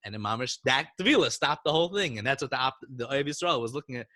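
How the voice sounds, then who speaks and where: A man's voice: mid-range voice, animated, very fast, bright, forceful tone, no echo. A man co-hosting a podcast, casually chatting and telling a story with lots of animation and frequent laughter. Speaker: podcast co-host.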